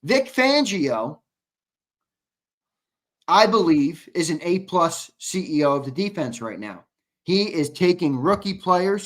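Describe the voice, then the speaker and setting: A young man co-hosting a sports talk show, pushing his case in a casual back-and-forth. His voice sits a bit high, and he often restarts mid-sentence before landing on emphatic, forceful conclusions. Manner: argumentative, restarts often, builds to emphatic punchlines.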